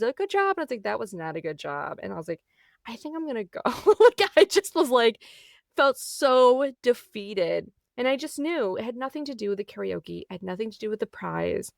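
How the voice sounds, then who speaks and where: Candid woman host with gravelly fry. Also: mid-range voice, no echo, clean studio sound. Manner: candid, animated, laughs often, acts out quoted dialogue. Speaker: podcast host. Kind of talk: personal storytelling monologue.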